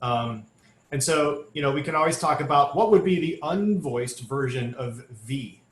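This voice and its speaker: A man's voice: mid-range voice, lively intonation, moderate pace, echoey room. A man leading an online choir rehearsal, explaining diction and singing short demonstration phrases. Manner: sings demonstration phrases between spoken instruction. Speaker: choir director. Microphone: video call.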